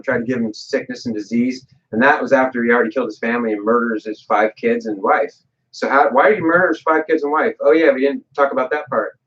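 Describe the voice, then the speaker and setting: A man holds forth on a livestream, spinning stories with lively swings and bursts of acted-out dialogue. His voice sits in a middle register, and the audio is dull and lo-fi. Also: mid-range voice. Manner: animated, acts out quotes in voices. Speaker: guest. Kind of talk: livestream talk, storytelling.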